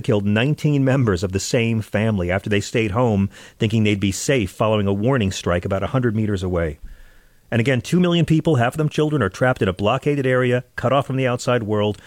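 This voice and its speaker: A man's voice: mid-range voice, dry recording, clean studio sound. A man hosting a political talk show, delivering a scripted commentary monologue in a sarcastic, indignant and profane manner.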